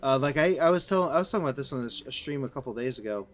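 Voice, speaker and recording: A man's voice: medium pitch, animated, racing. Rambling Midwestern man streaming a game. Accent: Midwestern American. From Southern Illinois, USA. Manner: rambling, answers chat, restarts sentences often. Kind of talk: casual live-stream chat while gaming.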